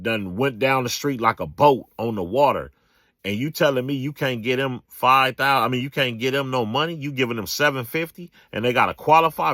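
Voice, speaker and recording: A man's voice: medium pitch, fairly bright tone, no room sound, clean studio sound. A man, giving a casual, emphatic political rant full of slang and repetition. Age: 40s. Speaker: political commentator.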